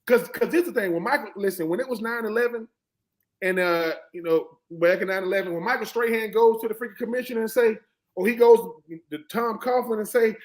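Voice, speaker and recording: A middle-aged man with a notably high voice, talking sports in an animated, preachy way. A former college football player and panel guest, he acts out the lines of coaches and players as he tells his stories. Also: brisk, rough recording. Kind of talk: animated sports talk, storytelling.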